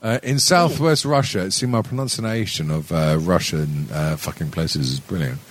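Telling a rambling, sweary story and laughing a lot, this middle-aged man hosts a podcast of casual comedic chat. His voice is low-pitched and moves at normal speed.

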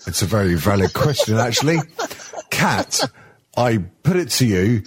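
Slow, rambling, husky-voiced man host. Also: fairly low pitch, sing-song. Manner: rambling, hesitant, swears a lot. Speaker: podcast host. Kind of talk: crude comedy podcast chat.

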